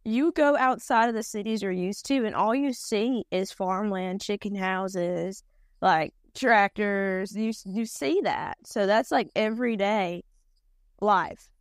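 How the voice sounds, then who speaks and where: Medium-pitched and slow, this woman's voice comes through a dry, clean studio recording. A pageant titleholder in her thirties with an eastern North Carolina Southern accent, she talks casually and down-to-earth as a podcast guest, full of fillers.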